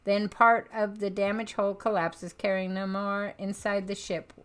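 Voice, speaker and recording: A woman streamer reading a comic book aloud on a live stream. She narrates the panels at a mid pitch, stumbling now and then and correcting herself as she goes. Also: little pitch movement, a little slow, a bit bright, clean tone.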